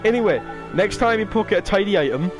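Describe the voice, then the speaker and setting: A man's voice: high-pitched, animated, quick pace, over music, pitched above the performer's own voice. A man reading game lines aloud as a cheeky little male fairy, trying for an accent. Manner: rough attempt at a regional accent, casual reading.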